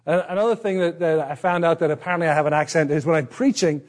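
Middle-aged Northern Irish pastor, conversational. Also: male voice, on the high side, steady tone, fast talker. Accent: Northern Irish, partly Americanized. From Northern Ireland. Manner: conversational, self-deprecating, with frequent restarts. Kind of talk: sermon.

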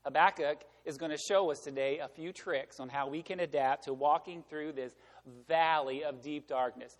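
In a church sanctuary with long hall reverb, a pastor preaches a sermon in a conversational way, putting rhetorical questions to the congregation. His voice is fairly high, his intonation fairly even, and his speed normal.

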